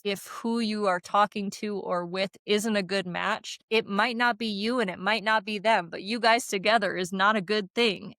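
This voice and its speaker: A woman's voice: medium pitch, fairly bright tone, no room sound. A woman co-hosting a podcast in casual chat, blunt and profane, telling stories emphatically with frequent laughs. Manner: emphatic, talks in run-on bursts with fillers like "like" and "right?". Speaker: podcast co-host.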